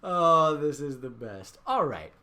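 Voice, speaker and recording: A male dungeon master narrates the scene with lively, swinging pitch. He is playful and animated, breaking into laughs as he describes the action. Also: slow pace, background noise. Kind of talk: narrating a tabletop game.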